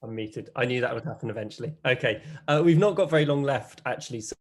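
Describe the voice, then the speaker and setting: A man chairing an online academic panel, relaxed and measured as he puts questions to the speakers. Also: medium pitch. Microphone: video call.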